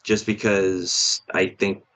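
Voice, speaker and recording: A man's voice: low-pitched, little pitch movement, slow, a bit bright. A man co-hosting a casual film review podcast, talking hesitantly with many restarts and fillers. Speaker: podcast co-host. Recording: dull lo-fi stream audio.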